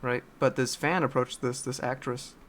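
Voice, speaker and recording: A man's voice: mid-range voice, steady tone, normal speed, fairly bright tone. A man chatting casually while painting a miniature, rambling, searching for words and swearing.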